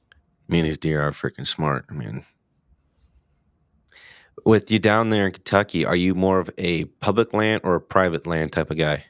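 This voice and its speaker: A man's voice: low voice, normal speed, long pauses, clear, resonant tone, no echo, studio quality. A man hosting a hunting podcast, asking questions in a casual, slangy, enthusiastic way. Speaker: podcast host. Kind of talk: casual interview chat.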